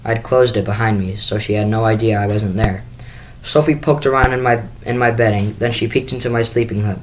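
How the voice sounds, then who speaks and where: A man's voice: lowish voice, steady tone, fairly quick, slight background noise, poor audio. Man reading a children's book aloud. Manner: first-person storytelling with small restarts. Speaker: school staff reader.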